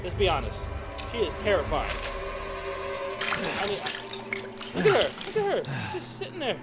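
A man commentating casually and profanely while playing a horror game, yelling when startled. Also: high-pitched, huge pitch swings, normal speed. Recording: loud game music under voice.

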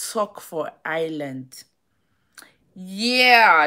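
A woman with a Nigerian accent telling a story on a live stream, animated and repetitive, stopping to greet viewers by name. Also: mid-range voice, unhurried. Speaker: vlogger.

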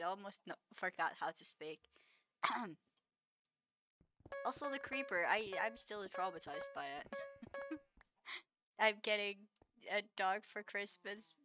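A woman's voice: medium pitch, expressive, slow pace, pauses often, over music. A woman streamer chatting casually with her viewers, laughing constantly, stammering and repeating words in playful mock outrage.

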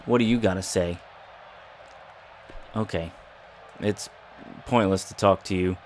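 A man's voice: low-pitched, measured pace, darkish tone, a little hiss or hum. A man giving playful, jokey commentary over a wrestling video game and talking back to its characters. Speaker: gaming YouTuber. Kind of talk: casual gameplay commentary.

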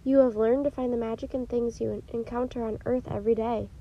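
A soft-spoken wise enchantress, as a woman reader puts her on. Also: fairly high pitch, fairly even intonation, quick pace, lo-fi sound. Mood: gentle, solemn. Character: gentle wise female enchantress.

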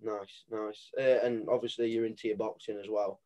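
A man's voice: lowish voice, flat delivery, moderate pace, warm tone. A young man hosting an interview, asking questions hesitantly and often stumbling and restarting his words. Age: young adult. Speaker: interview host.

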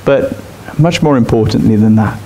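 A man's voice: mid-range voice, lively intonation, moderate pace, vocal fry, dark tone, slight background noise. A man preaching a sermon in a church, speaking directly and emphatically to his congregation. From Australia. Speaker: pastor.

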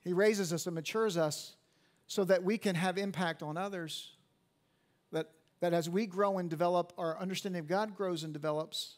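Preaching at a live service in a church sanctuary, a pastor in his fifties speaks at a moderate pace in a high voice. He moves from hushed tones to loud, emphatic peaks and repeats words when he restarts.

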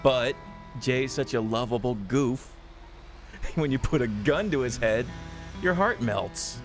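A man's voice: medium pitch, takes it slowly, faint music behind. A man co-hosting a stream, chatting casually and thanking subscribers. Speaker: streamer co-host.

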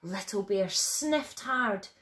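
A woman reading a children's bedtime story aloud at home in a gentle, expressive, unhurried way. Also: mid-range voice.

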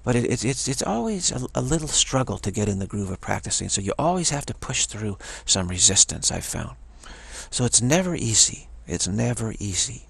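A middle-aged man gives a motivational talk on his practice, driving his points home by saying them twice. His voice sits fairly low and carries a husky, gravelly grain. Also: very animated, moderate pace, fairly bright tone, dry recording. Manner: emphatic, repeats phrases for stress. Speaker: teacher of a self-development practice.

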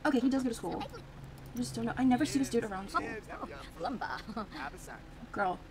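A young woman with a slightly high, animated voice comments at a moderate pace on her Sims gameplay. She's chatty, reacts aloud as she plays, and uses a lot of fillers, but the audio is poor.

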